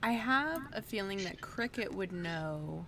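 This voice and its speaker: A woman playing a tabletop game, talking hesitantly with drawn-out fillers. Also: mid-range voice, animated, a crowd in the background. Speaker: player. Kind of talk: casual tabletop play.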